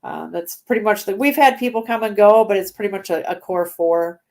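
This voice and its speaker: A woman's voice: medium pitch, a little fast, darkish tone. A woman in her forties, a guest on an interview show, talking casually with lots of fillers and frequent laughs. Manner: chatty, laughs often, many fillers.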